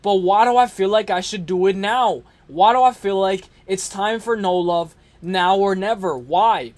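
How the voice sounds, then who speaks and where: On a dry recording, a young MMA podcast host talks through a fight preview in a high, unhurried, slightly mellow voice. His style is loose and slangy, wandering off and frequently correcting himself.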